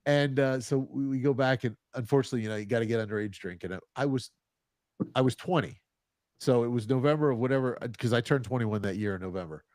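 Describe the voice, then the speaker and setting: A man in his fifties casually telling a rambling, animated anecdote, often chuckling as he goes. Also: mid-range voice, fast, no room sound, clean studio sound. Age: 50s. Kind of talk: casual storytelling.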